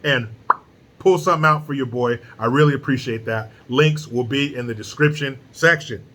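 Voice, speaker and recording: A man's voice: medium pitch, normal speed, fairly bright tone. A man hosting his own opinion commentary, talking bluntly and sarcastically, with frequent swearing. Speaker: political commentary host.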